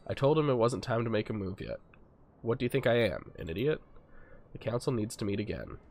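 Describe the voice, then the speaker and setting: A man's voice: mid-range voice, very animated, brisk, gravelly, a little mellow. A man reading a nasal businesslike woman. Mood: brisk.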